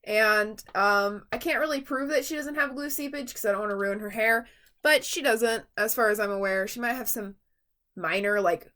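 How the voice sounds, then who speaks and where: A woman's voice: on the high side, normal speed, a bit bright. A woman reviewing a doll from her collection in a rambling, chatty vlog with lots of fillers and asides. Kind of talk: casual vlog chat.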